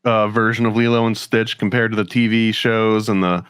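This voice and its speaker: A man's voice: lowish voice, little pitch movement, moderate pace, a bit bright, clean tone, no room sound, clean studio sound. A man co-hosting a podcast, asking analytical questions and making wry remarks in casual chat. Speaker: podcast co-host.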